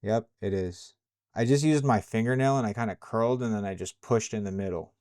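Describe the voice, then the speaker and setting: A man with a lowish voice talks loosely to his viewers as he works on a repair. He mutters half to himself and grows frustrated, swearing under his breath. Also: fairly quick, mellow. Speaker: tech vlogger. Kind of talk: casual hands-on narration.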